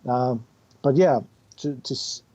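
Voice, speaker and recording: Male guest, non-native English speaker, animated storyteller, laughs a lot, mid-pitched voice. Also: slow pace. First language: not English. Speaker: music composer, guest. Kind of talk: casual podcast chat.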